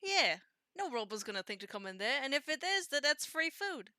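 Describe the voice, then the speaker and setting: A woman's voice: sits high, sing-song, fairly quick, bright, forceful tone, dry recording. A woman player in a tabletop role-play, giggly and affectionate, often laughing between lines.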